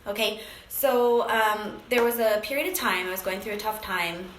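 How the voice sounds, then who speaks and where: A woman's voice: medium pitch, normal speed, a bit bright, echoey room, a little hiss or hum, low-quality recording. A woman sharing an emotional personal story, acting out phone calls with many fillers. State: briefly tearful.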